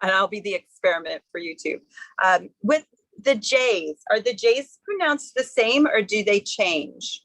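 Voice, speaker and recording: A woman's voice: mid-range voice, lively intonation, unhurried, a bit bright, dry recording, low-quality recording. A workshop participant, a woman, asking a pronunciation question over a video call. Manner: curious, asks a question.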